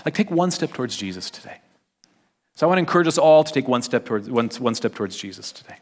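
A man's voice: mid-range voice, lively intonation, quick pace. A man preaching a conversational sermon at a church service, chatty and informal, often tagging his points with "right?" and "like". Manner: chatty, peppers talk with "right?" and "like". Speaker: pastor.

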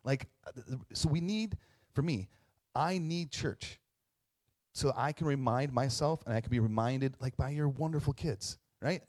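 A man's voice: mid-range voice, normal speed, darkish tone. Chatty pastor man in his thirties. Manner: chatty, tag questions, frequent restarts; self-deprecating humor. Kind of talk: casual conversational sermon.

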